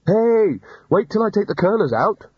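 A man reading aloud, voicing a nervous, flustered male wizard in a high, anxious, pleading voice. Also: expressive, moderate pace, husky, no echo, dull audio.

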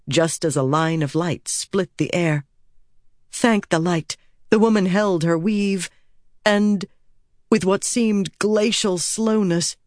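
Audiobook narrator: measured and steady, mid pitch, close, dry studio sound. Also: no room sound. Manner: measured and steady, voicing characters. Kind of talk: scripted narration.

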